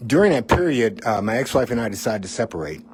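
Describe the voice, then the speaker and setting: A man's voice: mid-range voice, sing-song, fast, a little mellow, slight background noise. A middle-aged man, a former TV weatherman, tells his own life story in a candid, conversational way, with asides to the listener. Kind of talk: personal storytelling.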